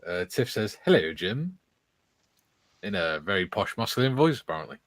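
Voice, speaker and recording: A man hosting a relaxed live stream, reading out viewer comments with a ready chuckle. His pitch swings around animatedly, and the sound is dry and close, with no room around it. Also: fast, no room sound. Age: older. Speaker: host. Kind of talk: casual live-stream chat.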